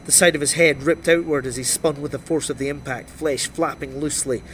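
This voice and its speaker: A man's voice: on the high side, fairly even intonation, fairly quick, a bit bright, a little hiss or hum. Man narrating a gritty crime thriller. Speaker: audiobook narrator. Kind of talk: first-person crime novel narration.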